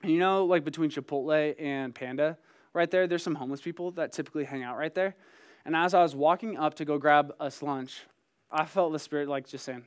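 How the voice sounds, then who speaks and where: A man's voice: a little high, a little fast, smooth. Conversational young man preaching a sermon. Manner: conversational storytelling, acts out dialogue. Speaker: site pastor.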